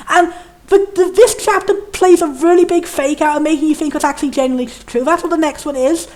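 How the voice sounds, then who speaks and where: A woman giving a casual, rambling spoken critique of a game, sarcastic and laughing often, dipping into quick voices for the characters. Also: extremely high pitch, fairly even intonation, darkish tone. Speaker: game reviewer.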